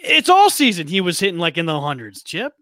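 A man's voice: high-pitched, fairly quick, no echo, studio quality. Ranting man on a sports podcast. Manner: animated, ranting, restarts often. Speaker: podcast co-host. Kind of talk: casual sports talk.

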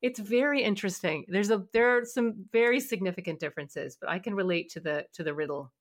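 A woman from Canada talking in a relaxed group conversation. She tells her stories chattily, and her pitch sits in an ordinary middle range. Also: fairly quick. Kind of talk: casual conversation.

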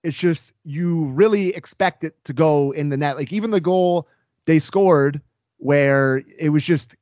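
A man's voice: on the high side, unhurried, a little mellow, no room sound, studio quality. A man co-hosting a sports podcast, talking in an emphatic, sarcastic, exasperated way in casual chat.

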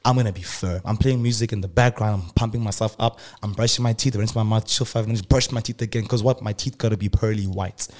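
A young man hosting his show, telling a comic personal story and acting out the dialogue with sudden loud, high bursts. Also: steady tone, fast, hardly any pauses. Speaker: host.

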